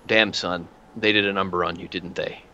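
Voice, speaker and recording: A man voicing a gruff, commanding inquisitor who talks in a brusque, impatient, profane way. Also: low voice, fairly even intonation, moderate pace, pushed and bright, dull audio.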